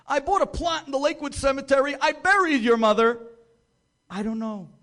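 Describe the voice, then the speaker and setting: A man's voice: very high voice, fairly quick, a bit bright, pitched above the performer's own voice. A man playing a frantic grown son who speaks in urgent, raised exclamations. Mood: apologetic.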